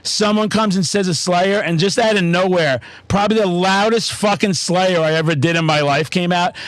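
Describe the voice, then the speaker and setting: A man's voice: high voice, moderate pace, no echo. A man telling stories in casual chat, swearing constantly and getting worked up. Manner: profane, excitable storytelling. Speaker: podcast host.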